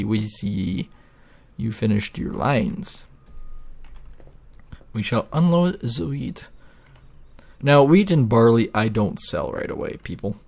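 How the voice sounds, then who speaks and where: A man's voice: medium pitch, very animated, slow, gravelly, pauses often, darkish tone. A man hosting a gaming video, rambling and ranting with plenty of swearing in casual gameplay commentary.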